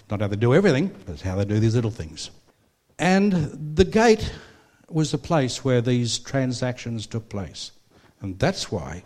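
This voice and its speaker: A man's voice: mid-range voice, a little mellow. An older man with an Australian accent, preaching a sermon and telling personal stories, with a rambling delivery full of fillers and restarts.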